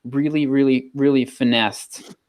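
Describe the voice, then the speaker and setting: A man co-hosting a podcast, telling a casual story in an animated way. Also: medium pitch, measured pace, clean tone. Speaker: podcast co-host. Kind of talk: casual chat.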